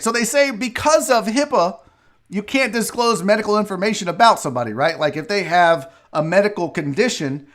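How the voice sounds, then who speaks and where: A man hosting a loose, joking sports talk show. His voice sits high for a man and lands in quick asides. He drops into an exaggerated Southern drawl for a laugh now and then. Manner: loose, joking, reads chat messages aloud; slips into a put-on Southern gentleman drawl. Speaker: sports radio host. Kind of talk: live sports talk show, casual chat.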